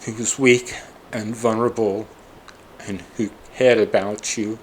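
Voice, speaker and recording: A man in his forties with a somewhat low voice delivers a raw personal monologue to camera. He sounds upset and worn out, bitter and angry, swearing often. Faint noise sits behind him. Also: level tone, measured pace, darkish tone. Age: 40s. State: upset and exhausted. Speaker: vlogger.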